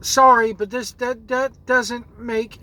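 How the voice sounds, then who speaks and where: A gaming channel host rants angrily about a video game, taking his time in a very high, strained, bright voice with a level tone. He swears and keeps repeating words as he searches for them, captured on low-quality audio.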